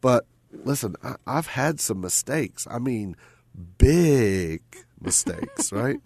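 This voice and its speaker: A man's voice: medium pitch, big pitch swings, takes it slowly, vocal fry, darkish tone, slightly rough. A man hosting a radio talk show, chatting casually and tagging his points with "right?" and repeated phrases.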